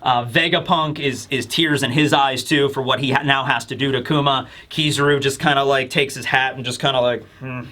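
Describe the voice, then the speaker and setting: A man's voice: medium pitch, fairly even intonation, fairly quick, few pauses, pushed and bright. A man hosting a manga review, chatting casually and animatedly, laughing and acting out the characters. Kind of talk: casual commentary.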